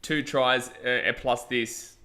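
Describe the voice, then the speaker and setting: Excitable Australian man calling a match. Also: mid-range voice, takes it slowly. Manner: excitable, blunt and crude, reacts loudly to plays. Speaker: streamer. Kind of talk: live match watch-along commentary.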